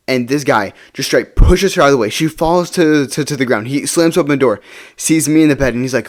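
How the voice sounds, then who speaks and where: A man's voice: mid-range voice, racing. A young man telling a party story in a casual, rambling way, often tagging on "right?" and swearing offhand. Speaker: storytime vlogger.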